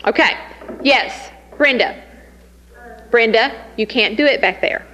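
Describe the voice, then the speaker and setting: A woman leading a sales training session, lively and teasing as she talks straight to the group. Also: a little high, takes it slowly, big-room sound, a little hiss or hum, rough recording.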